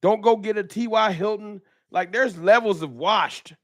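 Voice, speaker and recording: Hosting a fan talk livestream, an animated man speaks at a normal speed in a voice a little high for a man. His delivery is slangy and emphatic, and he keeps repeating his points while arguing. The recording is close and dry, with hardly any room echo.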